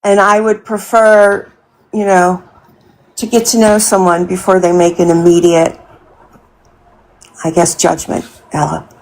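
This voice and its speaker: Measured woman from New York City. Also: on the low side, flat delivery, darkish tone, rough recording. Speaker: debate panelist. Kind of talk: casual voice-chat discussion.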